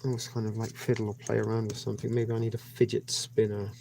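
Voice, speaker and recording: A man's voice: fairly low pitch, monotone, fast talker, vocal fry, mellow, slight background noise. A man hosting a livestream, rambling casually with many hesitations. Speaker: livestream host.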